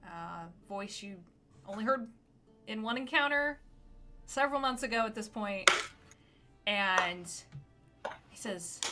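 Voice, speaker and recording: A woman's voice: mid-range voice, lively intonation, slow pace, pauses often, music in the background. A woman running a tabletop game as game master, narrating in a casual, matter-of-fact way.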